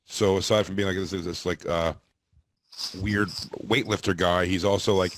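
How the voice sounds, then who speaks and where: A man's voice: low voice, steady tone, normal speed, a bit bright, slight background noise. A man in his thirties co-hosting a podcast, telling stories in a rambling, profane way with many restarts. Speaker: podcast co-host. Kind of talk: casual chat.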